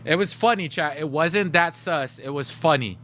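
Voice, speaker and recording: A man's voice: on the high side, normal speed, pushed and bright, slight background noise. A man livestreaming, chatting casually with his viewers, addressing the chat directly and laughing often.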